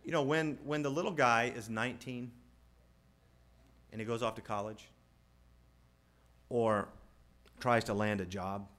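A man preaching a sermon in an animated way, asking the crowd rhetorical questions and quoting scripture. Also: medium pitch. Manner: animated, rhetorical questions, mimics family scenes. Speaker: pastor.

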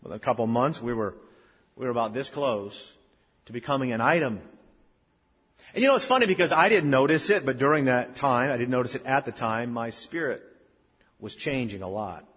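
A husky-voiced male pastor in his fifties preaches to his congregation, his voice ringing with a long reverb through the church hall. He tells personal stories, building to loud emphatic lines and then dropping to a near hush. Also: medium pitch, expressive, brisk. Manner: storytelling preacher, swings from loud emphasis to hushed. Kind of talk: sermon. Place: church sanctuary.

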